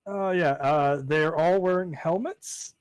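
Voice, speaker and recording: A man narrating a tabletop game as game master, in playful, halting narration with many fillers. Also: on the high side, smooth, no echo.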